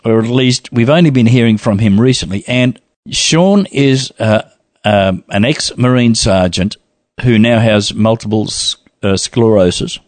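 A man's voice: mid-range voice, measured pace, no echo. A man co-hosting a religious talk show, reading a listener's email aloud with playful asides and frequent laughter. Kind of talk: casual chat.

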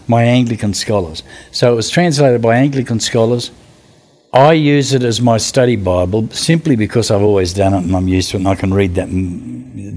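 A man giving an informal talk on Bible translation, answering a group's questions in an animated way that climbs in pitch for emphasis. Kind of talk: casual teaching talk.

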